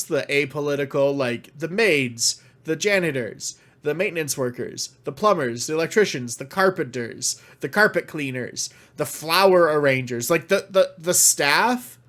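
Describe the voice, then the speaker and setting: A man's voice: on the high side, a bit bright. A man giving a casual spoken review, ranting in exasperation, swearing often and stumbling over restarts when worked up. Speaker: vlogger reviewing media.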